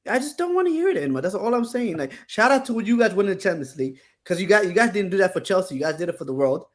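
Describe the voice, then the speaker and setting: A young man co-hosting a casual chat, rambling and halting as he complains. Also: high-pitched, sing-song. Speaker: co-host.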